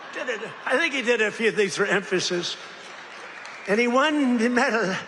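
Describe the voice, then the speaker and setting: A man's voice: extremely high pitch, lively intonation, normal speed, noisy background. Older man rambling at a rally. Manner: digressive, boastful, mocking asides. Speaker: politician giving a speech. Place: large industrial hall. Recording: echoey hall, faint crowd ambience.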